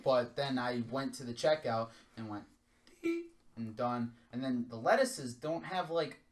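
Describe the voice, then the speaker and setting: A man's voice: medium pitch, normal speed. A man co-hosting a podcast, telling a rambling story in casual chat full of "I was like.". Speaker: podcast co-host. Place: podcast room.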